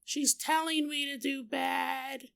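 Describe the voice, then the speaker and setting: A man's voice: extremely high pitch, flat delivery, gravelly, pushed and bright, pitched above the performer's own voice, full character voice. A man doing a scared little girl's voice. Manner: halting, simple broken phrases. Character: scared little girl talking in broken baby-speak.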